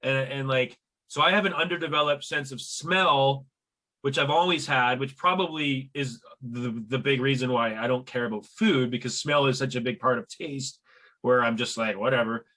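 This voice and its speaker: A man hosting a podcast, chatting casually and telling stories in an animated way, with repeated stammered starts. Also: normal speed. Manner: animated storyteller who mimics friends in high voices. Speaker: podcast host. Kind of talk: casual chat.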